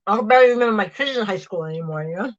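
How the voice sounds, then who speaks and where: A woman's voice: mid-range voice, animated, very fast, dull audio. Giggly woman chatting while cooking. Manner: chatty and giggly, talking with food in her mouth. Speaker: vlog host reading live chat. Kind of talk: casual livestream chat while cooking.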